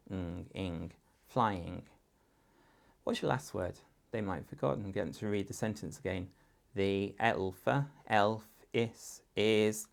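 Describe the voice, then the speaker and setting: Slow, gravelly male teacher. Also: low-pitched. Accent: English. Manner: patient, slow, step-by-step phonics modelling. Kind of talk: instructional guidance for parents.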